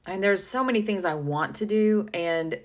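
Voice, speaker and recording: A woman co-hosting a casual business podcast as a coach, thinking aloud with pauses and some stammering. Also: medium pitch.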